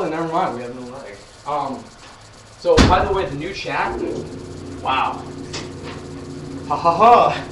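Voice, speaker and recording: A man chatting casually to viewers on a live stream, rambling and swearing now and then. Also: medium pitch. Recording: roomy echo, faint noise.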